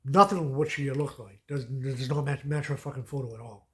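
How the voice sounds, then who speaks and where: A man's voice: mid-range voice, fairly even intonation, moderate pace, fairly bright tone. A man telling a rambling, profane story in a casual rant, often repeating filler phrases. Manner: profane, rambling, repeats "you know what I mean". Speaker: vlogger.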